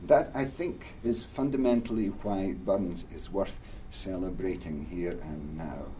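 A man closing a formal speech at a public talk, measured and emphatic, in a lecture room. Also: sits low, mellow, a little hiss or hum.

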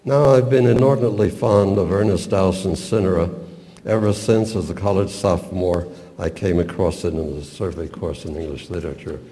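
Older man, professorial, measured poetry talk, deep dark voice, long hall reverb. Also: steady tone. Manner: measured, professorial, with small stumbles. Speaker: literature lecturer. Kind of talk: reflective talk on a poem.

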